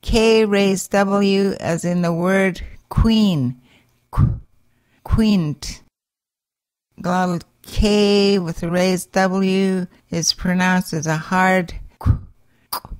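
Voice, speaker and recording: A woman's voice: on the low side, no echo. A woman demonstrating how letters sound. She says each sound on its own, then gives an example word. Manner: deliberate, spelling out each sound in isolation. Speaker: language teacher giving pronunciation examples. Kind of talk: slow, careful pronunciation guide.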